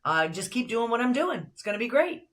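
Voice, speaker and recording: An older woman with a deep alto voice, a broadcaster and voiceover actress talking as a guest in a casual interview, lively and upbeat. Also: a little fast.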